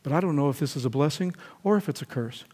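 A preacher voicing a calm, wise old villager. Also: male voice, on the high side, breathy edge. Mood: measured. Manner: quiet, even and measured. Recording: echoey hall reverb.

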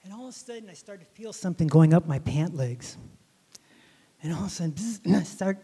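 Mellow-voiced man telling a story in a reverberant hall. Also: high-pitched, expressive, breathy edge. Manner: rambling, halting storyteller with many restarts. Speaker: Bible lesson teacher. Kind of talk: telling a childhood story to a class.

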